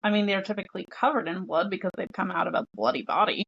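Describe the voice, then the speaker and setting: A woman on a podcast who explains facts plainly and calmly. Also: mid-range voice, quick pace, creaky, slightly rough, no echo. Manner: matter-of-fact, explanatory. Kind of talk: casual book-club chat. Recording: dull lo-fi podcast audio.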